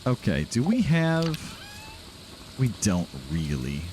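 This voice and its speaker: A man's voice: mid-range voice, sing-song, takes it slowly, a little mellow, slight background noise. A man hosting a casual, rambling video game playthrough, chatting and laughing often as he plays at home. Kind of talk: casual gameplay commentary.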